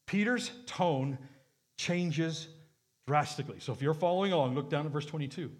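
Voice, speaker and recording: A man preaching a sermon, emphatic and full of rhetorical questions. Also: fairly high pitch. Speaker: pastor.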